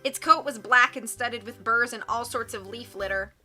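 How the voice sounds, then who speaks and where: Bright-voiced woman reading a novel. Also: a little high, moderate pace, soft background music. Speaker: audiobook reader. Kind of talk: reading a mystery novel aloud.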